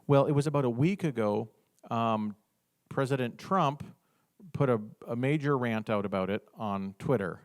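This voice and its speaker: Animated man giving a business talk. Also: medium pitch, normal speed. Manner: animated, acts out little dialogues. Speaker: business workshop speaker. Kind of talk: informal workshop talk.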